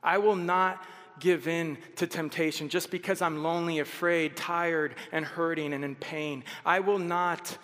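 A pastor delivering a passionate sermon. His fairly high male voice rises into loud exhortation and then drops to near silence, and it rings with a long reverb as in a large hall. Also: fairly even intonation, measured pace. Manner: passionate, swings from loud exhortation to hushed quotes.

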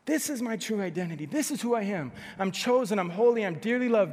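Young male pastor, fairly high voice, passionate, loud peaks and hushed lows, long reverb. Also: lively intonation, a little fast, hardly any pauses. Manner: passionate, swings between loud emphatic bursts and soft hushed passages. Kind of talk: sermon.

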